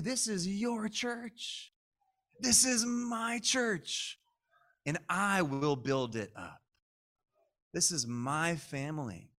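A man preaching a sermon as pastor of his church, emphatic, sometimes shouting and calling on the congregation to repeat his words. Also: fairly high pitch. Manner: emphatic, rising to shouts at key lines; calls on the congregation to repeat after him.

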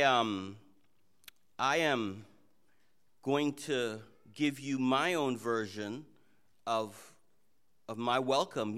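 High-voiced, slow-talking male pastor. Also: a bit bright, clear, resonant tone. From Jamaica and Trinidad. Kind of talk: church welcome and announcements. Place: church.

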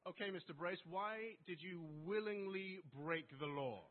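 A man's voice: high voice, measured pace, slight background noise. A man voicing a harsh, stern male judge who accuses curtly in a sermon story. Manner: accusing, curt. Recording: tinny phone-like sound.

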